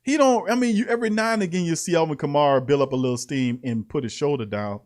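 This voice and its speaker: A man with a fairly high-pitched voice hosts a casual sports talk show. He reads practice reports aloud, then breaks off into animated riffs. He laughs often and repeats his lines for emphasis. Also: fast talker.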